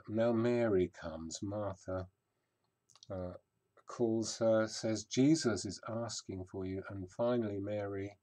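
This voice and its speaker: A man giving a reflective sermon as a vicar, with pauses and occasional fillers. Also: fairly low pitch, warm tone.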